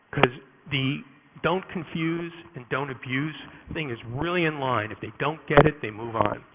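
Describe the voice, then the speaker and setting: A man giving a live conference talk to an audience, animated and jokey, with quick asides and many restarts. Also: fairly high pitch, phone-quality sound, heavy background noise. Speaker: conference speaker. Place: conference room before an audience.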